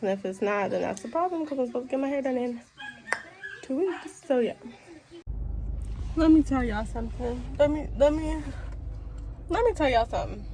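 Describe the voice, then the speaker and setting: A woman with a high, bright-sounding voice chats straight to her handheld camera in a casual vlog. She tells her story in an animated, exasperated way, stumbling and restarting as she goes. A faint hum of noise sits behind her. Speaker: vlogger. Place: in a car and around home.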